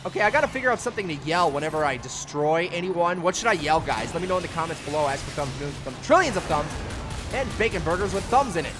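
A young man with a high, springy voice gives goofy commentary over a video game, yelling and laughing as he plays. His pitch leaps all over the place. Loud game music and engine noise play behind him. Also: expressive, fast. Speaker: gaming channel host. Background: video game music and vehicle sounds.

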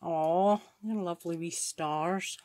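A woman's voice: lowish voice, steady tone, slow, darkish tone. A Scottish woman hosting a crafts channel, chatting casually and gushing with admiration as she opens and looks over craft supplies. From Scotland. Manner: gushing, admiring, thinks aloud. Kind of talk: casual unboxing chat.

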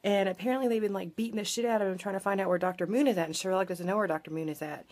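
A woman's voice: medium pitch, steady tone, rapid-fire, a little mellow. A young woman vlogger casually recapping a short film, chatty and full of fillers, with some swearing. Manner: chatty, filler-heavy retelling with lots of "like" and swearing.

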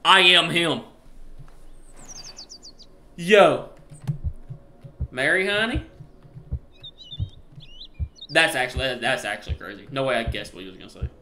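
A man's voice: medium pitch, animated, moderate pace, long pauses, sharp tone, a little hiss or hum. A young man streaming a game, chatting casually with slang and jokes at a desk mic. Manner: chatty, joking slang asides. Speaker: gaming streamer. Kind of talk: casual live-stream commentary. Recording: echoey room.

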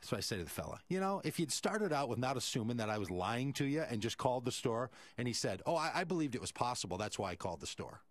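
Animated male radio host telling a story. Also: medium pitch, quick pace, hardly any pauses, no room sound. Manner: animated, acts out quoted voices.

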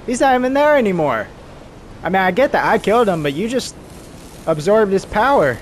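Excitable high-voiced male gamer. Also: a little fast. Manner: excitable, yelps and shouts during fights. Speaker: game streamer. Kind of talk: let's-play commentary. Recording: noisy game audio behind the voice.

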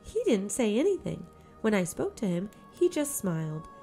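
A woman playing a cheerful young schoolteacher in a spooky audio story, chatty and bright, her voice lifting higher than the narration around her. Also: sing-song, moderate pace, faint music behind.

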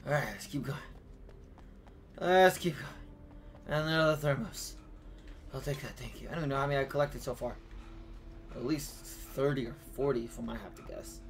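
A young man giving casual, excitable gameplay commentary, talking to himself and yelping and shouting at enemies. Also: medium pitch, moderate pace, pauses often, a little hiss or hum. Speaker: gaming YouTuber.

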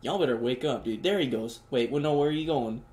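A young man doing joking let's play commentary, reacting loudly and talking in slang. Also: mid-range voice, fairly quick. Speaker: gamer.

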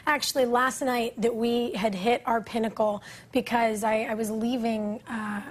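A young woman in her twenties, an actress guest on a talk show, telling animated anecdotes. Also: fairly high pitch, unhurried. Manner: chatty, animated storyteller. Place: TV studio.

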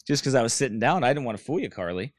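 A man's voice: mid-range voice, big pitch swings, rapid-fire, no echo, clean studio sound. A man preaching a sermon while seated, blunt and mocking, wandering off into stories. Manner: blunt, mocking, digressive preaching with put-on quoted voices. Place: church room, speaker seated.

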